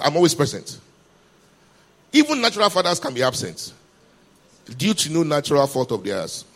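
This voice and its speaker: A man preaching a sermon, emphatic and calling for responses from the congregation. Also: medium pitch.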